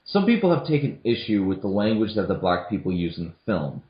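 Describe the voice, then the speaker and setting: A man's voice: low voice, sing-song, a little fast. Young man in a roomy lo-fi recording. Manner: hesitant, many restarts and fillers. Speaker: podcast co-host. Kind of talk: casual film discussion. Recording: echoey room, dull lo-fi audio.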